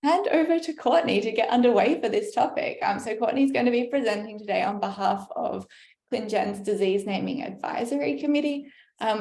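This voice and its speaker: A woman hosting an online meeting, opening with announcements and handing over to the speaker in a friendly, brisk way. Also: mid-range voice, creaky, a little mellow. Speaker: meeting host. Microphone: video call. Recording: echoey room on a call.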